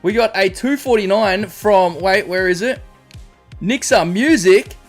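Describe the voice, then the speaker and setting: A man's voice: high-pitched, unhurried, soft background music. An Australian man streaming live, chatting casually, greeting viewers by name and rambling through a story.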